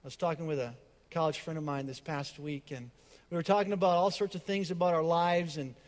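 A man preaching a sermon as pastor, swinging between loud, declaring passages and hushed, soft ones. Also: fairly high pitch, fairly even intonation, fairly quick, in a large hall.

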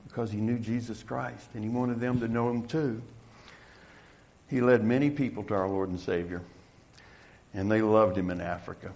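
A middle-aged pastor preaches a sermon in a mid-range voice at a moderate pace, with long pauses. He swings from loud, emphatic calls to the congregation to quiet, hushed storytelling.

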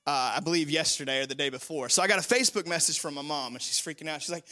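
A man preaching a sermon as pastor, animated and full of repeated phrases. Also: on the high side, very fast, hardly any pauses.

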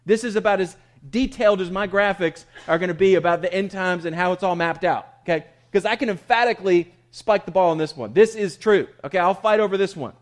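Male pastor, fairly high voice, emphatic and conversational sermon delivery, asks and answers his own questions. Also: a little fast.

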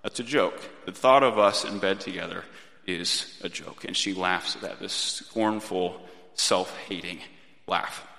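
A man in his thirties preaching a sermon in a gentle, reflective way, often restarting his phrases. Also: low-pitched, steady tone, a little slow, gravelly. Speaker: pastor. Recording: long reverb of a church hall.

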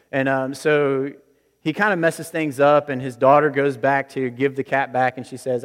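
A man's voice: medium pitch, little pitch movement, normal speed. A man delivering a sermon from a church sanctuary, talking to the congregation in a plain conversational way. He repeats key phrases for emphasis. His voice rings out with a long reverb across a large hall. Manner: conversational, repeats phrases, often starts with "listen". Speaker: pastor.

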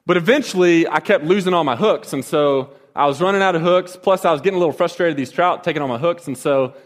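A man's voice: a little high, fast talker. A man in his thirties telling a rambling personal story, with lots of fillers and restarts. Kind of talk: casual personal anecdote. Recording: long echoing reverb.

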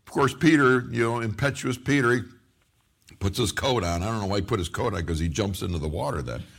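Animated storytelling male pastor. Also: fairly low pitch, fairly quick, creaky. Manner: animated storytelling with acted-out quotes; repeats words and restarts often. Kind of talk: sermon.

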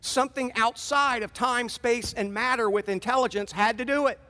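A man preaching a sermon in a conversational, animated way, acting out short quoted exchanges. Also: very high-pitched, moderate pace, long reverb tail. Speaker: pastor.

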